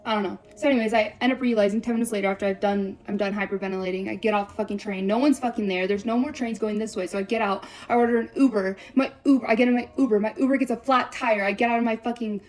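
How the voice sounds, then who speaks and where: A young woman tells the story of her breakup on a vlog in a steady, mid-range voice. Her delivery is blunt and foul-mouthed, packed with constant swearing and fast run-on sentences.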